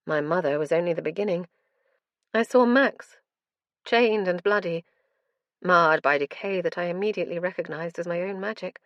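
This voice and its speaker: A woman narrates a first-person fantasy audiobook in a fairly low voice. Her delivery is tense and dramatic, recorded close and dry. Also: moderate pace, dry recording.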